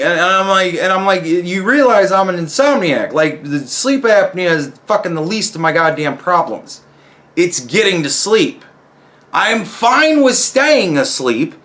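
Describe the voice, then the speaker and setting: A man's voice: high-pitched, sharp tone. A man in an angry personal vlog rant, profane, heated and rambling. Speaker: vlogger.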